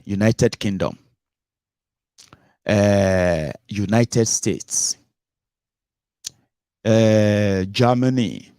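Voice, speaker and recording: A middle-aged man with a Nigerian accent giving casual political commentary from home as a show host, animated and full of rhetorical questions, slipping into pidgin and leaping up in pitch. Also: no echo, clean studio sound. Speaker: radio and online show host.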